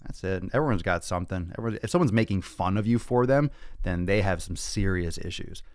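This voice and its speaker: Young dude hosting a fitness q&a stream, joking and cussing, kinda low voice, dry room. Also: male voice, lively intonation, fairly quick, dry recording. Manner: brash, profane, joking. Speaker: fitness podcast host. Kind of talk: casual livestream Q&A. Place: home studio with monitors and cameras.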